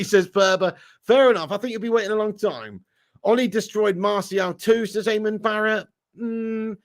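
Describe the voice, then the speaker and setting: A man hosting a live football chat, reading out viewer comments and teasing them with blunt jokes and frequent laughter. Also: high-pitched. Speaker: fan channel host reading live chat.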